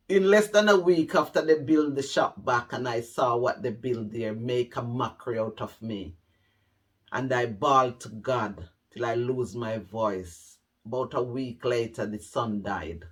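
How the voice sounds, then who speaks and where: Slow, heartfelt Jamaican man. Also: mid-range voice. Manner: slow, heartfelt, repeats phrases for emphasis. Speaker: vlogger telling his life story. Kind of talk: personal storytelling to camera. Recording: voice a bit distant from the mic.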